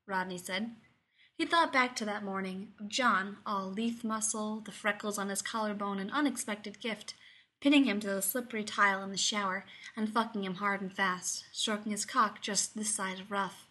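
A woman reading a story aloud in a steady, even narration. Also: mid-range voice, normal speed. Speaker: story reader. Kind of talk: scripted narration.

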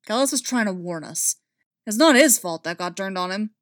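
Woman doing growly alien guy, protective, flat dry sound. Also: mid-range voice, normal speed, dry recording, close to an everyday voice. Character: gruff alien male warrior, protective.

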